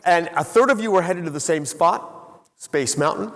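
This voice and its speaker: A middle-aged man giving a motivational keynote speech to a live audience in a large hall, telling an animated story and quizzing the crowd. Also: sits high, moderate pace. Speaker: keynote speaker. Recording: long hall reverb.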